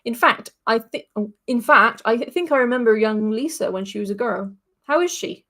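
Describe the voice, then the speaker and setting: A blunt innkeeper woman speaks in cold, clipped phrases, brisk and unwelcoming, as a woman reading a story aloud puts her on. Her voice is fairly high and firm. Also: fairly bright tone. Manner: curt and cold.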